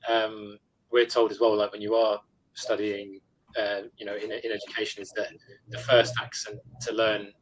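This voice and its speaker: British guy, bit husky, laid back chatty actor on a panel. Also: lowish voice, level tone, normal speed, low-quality recording. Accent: British English. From England. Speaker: guest actor. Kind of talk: casual roundtable chat.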